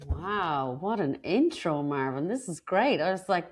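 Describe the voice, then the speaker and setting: A woman's voice: fairly low pitch, big pitch swings, unhurried. An Irish woman, a stand-up comedian, chatting in a podcast interview with playful, self-deprecating humour and rambling stories. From Ireland. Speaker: stand-up comedian and club host.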